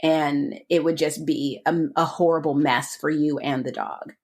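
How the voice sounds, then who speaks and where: This podcast co-host speaks in a deep, husky, darkish voice with fairly even intonation and an unhurried pace. Her talk is relaxed and chatty, broken up by frequent laughs and restarts.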